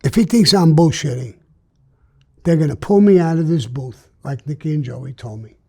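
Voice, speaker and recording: Gravelly older New man telling a story. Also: fairly high pitch, moderate pace, a little mellow. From New York. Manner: blunt, streetwise storytelling that acts out the dialogue. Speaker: interviewee.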